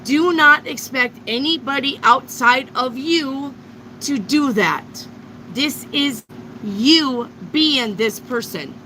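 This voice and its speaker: A woman reads tarot cards live for her viewers, with a bright, forceful voice pitched a little high. She talks slowly and bluntly, leans hard on her points and swears freely. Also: expressive, a little hiss or hum, low-quality recording. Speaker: tarot reader.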